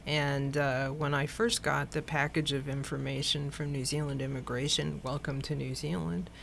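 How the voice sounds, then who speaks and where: Gravelly-voiced storyteller from Hawaii. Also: medium pitch, flat delivery, moderate pace, a bit bright, slight background noise. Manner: rambling anecdotes with fillers. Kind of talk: casual storytelling chat.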